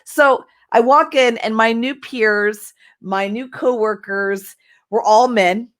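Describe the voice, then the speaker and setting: A middle-aged woman from Texas giving an energetic, emphatic masterclass talk as a marketing coach, reading viewer comments aloud. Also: a little high, slow.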